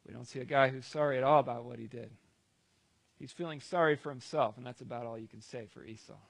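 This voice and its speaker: A man's voice: mid-range voice, fast talker, gravelly, dry recording. A man preaching a sermon, retelling a scripture story in a conversational way with wry asides.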